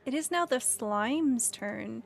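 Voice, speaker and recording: A woman's voice: a little high, lively intonation, slow pace, gravelly, faint music behind. A woman narrating a tabletop game as game master, casual and filler-heavy.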